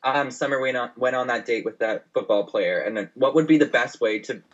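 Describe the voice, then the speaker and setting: A man with a husky, slightly rough voice recaps scenes with gossipy relish. The recording is dull and lo-fi. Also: mid-range voice, fairly quick. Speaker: podcast co-host. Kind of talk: casual chat.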